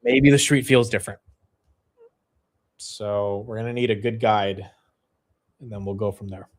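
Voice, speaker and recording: A man's voice: lowish voice, fairly even intonation. A young man hosting a live stock market stream, chatting casually and laughing at himself. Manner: self-deprecating, quick-shifting, laughs at himself.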